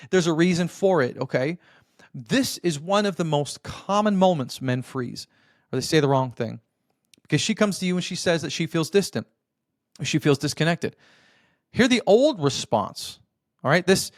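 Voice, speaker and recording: A man's voice: a little high, no room sound, clean studio sound. A man hosting a podcast, giving earnest, coaching-style advice on marriage and often checking in with the listener. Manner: addresses listener as brother. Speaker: podcast host. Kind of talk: motivational marriage advice talk.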